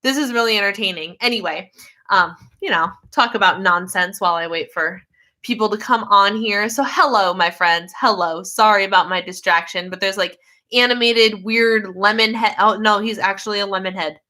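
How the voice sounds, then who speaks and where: Chatty woman with a bright voice. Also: medium pitch, moderate pace. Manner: chatty and easily sidetracked, with many fillers. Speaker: YouTube livestream host. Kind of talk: casual livestream chat.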